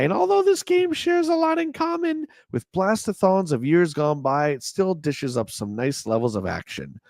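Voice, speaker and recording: In a dry, studio-quality recording, a man with a medium-pitched voice hosts a casual livestream. He reads old magazine reviews out loud, makes wry jokes, and talks back to his live chat.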